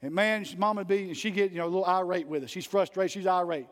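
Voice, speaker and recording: A man preaching a sermon to his church, telling folksy stories and rising to loud emphatic peaks between quieter asides. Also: high-pitched, fairly even intonation, fast, in a large hall. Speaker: pastor. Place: church sanctuary.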